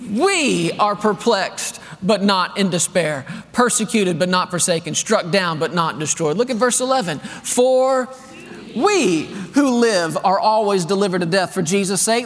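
A man preaching a sermon as pastor, telling family stories with animated energy and reading scripture slowly with emphasis. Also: high voice. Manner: animated storytelling, reads scripture with slow emphasis. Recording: long reverb of a large hall.

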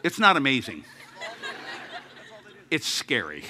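A man preaching a sermon as a story, acting out voices with laughs and sudden shouts. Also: medium pitch, huge pitch swings, slow, noisy background.

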